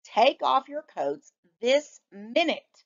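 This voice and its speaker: A woman doing a calm, firm mother. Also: sits high, takes it slowly, pitched above the performer's own voice, heavily acted. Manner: firm, calmly bossy. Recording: dull lo-fi recording.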